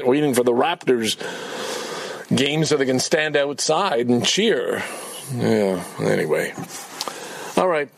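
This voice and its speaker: An older man rants into the camera, frustrated and cursing freely. His voice is rough and gravelly and jumps up and down as he vents. A faint hum of ambient noise sits behind him. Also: mid-range voice. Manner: frustrated, swearing, venting. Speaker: vlogger. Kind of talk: ranting personal vlog.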